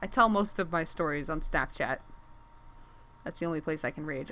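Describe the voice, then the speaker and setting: Sketching on stream, a woman with a deep, sharp-toned voice rambles at a normal pace, easily sidetracked, using many filler words and exclaiming suddenly at things on screen. There's slight background noise.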